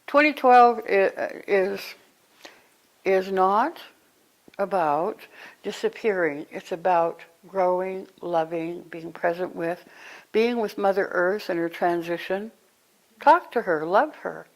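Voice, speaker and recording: Animated woman giving a spiritual talk. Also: medium pitch, takes it slowly, rough recording. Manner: animated, conversational, storytelling with sudden exclamations. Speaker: spiritual teacher. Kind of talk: spiritual talk to a live group.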